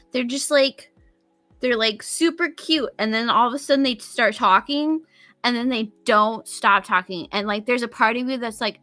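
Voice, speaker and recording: A woman streaming as a guest, chatting in a playful, giggly, teasing way. Her voice is bright and fairly high, and she talks at an unhurried pace. The sound is dry and close. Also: dry recording, soft background music. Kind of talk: casual stream chat.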